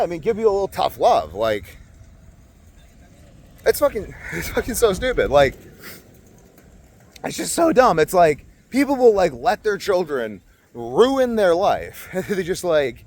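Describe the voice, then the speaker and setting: Animated, blunt young man ranting outdoors. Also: on the high side. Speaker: vlogger. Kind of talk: casual monologue to camera. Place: outdoors at a resort.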